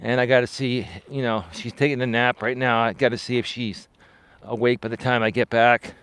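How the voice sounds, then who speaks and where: A man's voice: mid-range voice, little pitch movement, fairly quick, a bit bright, clean tone. Chatty man livestreaming on a walk. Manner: talks while walking outdoors, chatty and apologetic to viewers. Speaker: life coach livestreaming. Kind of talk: casual livestream chat, reading viewer comments aloud. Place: outdoors on a walk.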